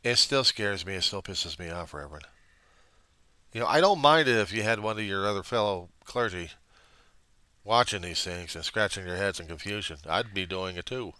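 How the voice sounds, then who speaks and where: A man speaking in a rambling, self-deprecating video diary to a reverend, moving between quiet musing and loud outbursts. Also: low voice, moderate pace, clean tone, no room sound. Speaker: video diarist addressing a reverend. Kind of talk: personal video diary monologue.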